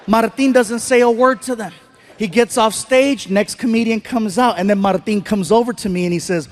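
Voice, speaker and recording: Male stand-up comic, high voice, animated storyteller with loud outbursts. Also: normal speed, a little hiss or hum. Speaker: stand-up comedian. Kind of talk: stand-up comedy routine. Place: stage before a live audience.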